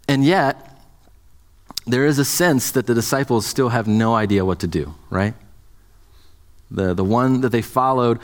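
A man's voice: medium pitch, long reverb tail. A man preaching a sermon as pastor, speaking conversationally with many restarts and fillers.

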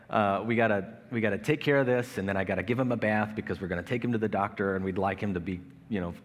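A man in his thirties preaching a sermon as pastor, conversational and self-mocking, telling family stories. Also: fairly low pitch. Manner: conversational, self-mocking humor with acted-out anecdotes. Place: large church worship space. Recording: long hall reverb.

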